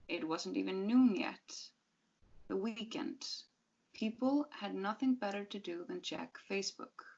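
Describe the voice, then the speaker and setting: A woman reading a short story aloud at a literary event, at a measured pace, sometimes correcting herself. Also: medium pitch. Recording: dull lo-fi call audio.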